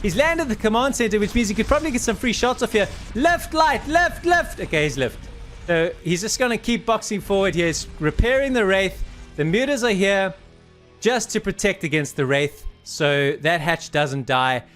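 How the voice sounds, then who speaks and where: Guy casting a game, kinda high voice, excited and out of breath, bit of music behind. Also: normal speed. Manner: animated, urges players on, laughs in disbelief. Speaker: game caster. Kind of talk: excited esports commentary.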